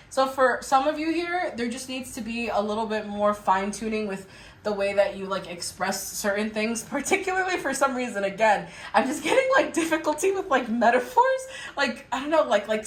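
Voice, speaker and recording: A woman's voice: a little high, roomy sound, poor audio. A young adult woman giving a casual tarot reading to her viewers, chatty and blunt, laughing and swearing as she acts out exasperated remarks. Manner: acts out exasperated quotes in a mocking voice. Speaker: tarot reader.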